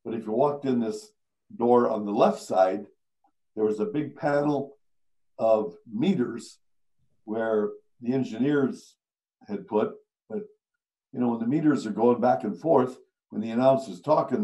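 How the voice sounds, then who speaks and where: An older man, a veteran radio announcer, telling stories on stage at a live event, animated and acting out the people he quotes. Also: mid-range voice, a little slow, poor audio. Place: live event before an audience.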